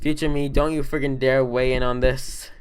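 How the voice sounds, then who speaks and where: A man's voice: medium pitch, level tone, moderate pace, a little hiss or hum, close to an everyday voice. A man voicing an irritable, bossy young male troll leader in a fan dub, ranting and rambling in exasperation.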